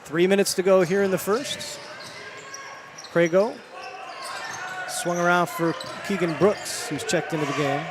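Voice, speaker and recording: A man with a Michigan accent calling a high school basketball game play by play, quick and rising for big plays. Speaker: play-by-play announcer. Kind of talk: live basketball commentary. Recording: gym ambience, bouncing ball noise.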